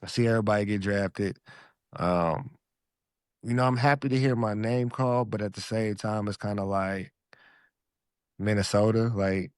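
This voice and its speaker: Man, lowish voice, dry close sound, slangy, animated storyteller. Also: moderate pace, pauses often, smooth, no echo. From Alaska. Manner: animated storyteller who acts out his own past lines; relaxed slangy speech. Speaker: podcast guest, former pro basketball player. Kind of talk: casual storytelling interview.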